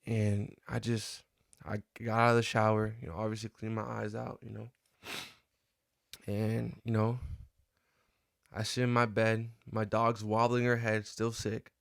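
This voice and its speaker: A young man vlogging a personal reflection, talking in a halting, earnest way with many restarts and fillers. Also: fairly low pitch, monotone, vocal fry, no echo, studio quality.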